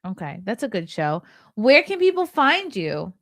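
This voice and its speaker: A woman hosting a podcast in casual panel chat, bubbly and teasing, quick to laugh. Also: mid-range voice, very animated, a bit bright. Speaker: podcast host.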